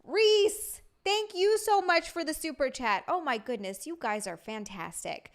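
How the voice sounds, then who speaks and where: A young adult woman hosting a casual chat show, chatty and quick to laugh as she reads out viewer messages. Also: high voice, expressive. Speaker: host.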